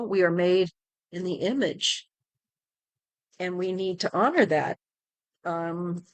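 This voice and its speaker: A middle-aged woman hosting a live tarot stream, chatting gently and rambling with many fillers. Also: lowish voice, no echo. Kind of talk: casual live-stream chat.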